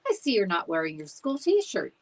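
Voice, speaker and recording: A woman's voice: fairly low pitch, wildly swooping pitch, moderate pace, full character voice. Give me a woman voicing a prim, self-satisfied teacher. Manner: prim and proud.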